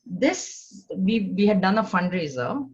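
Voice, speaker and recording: A woman teaching a scripture class, earnest, often restarting her sentences and rising in pitch to stress her points. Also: sing-song, a little slow, dull audio. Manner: earnest, repetitive, with many restarts. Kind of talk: spiritual lesson on scripture.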